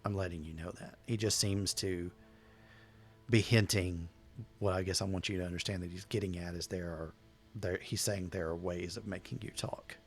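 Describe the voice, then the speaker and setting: A man narrating a tabletop game as game master, hesitant and halting but reassuring. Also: low-pitched, steady tone. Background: faint music.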